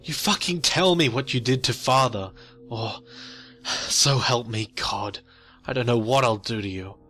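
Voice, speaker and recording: A man's voice: medium pitch, a little slow, bright, forceful tone, faint music behind, voice pushed up. A man voicing a furious middle-aged daughter who screams and swears.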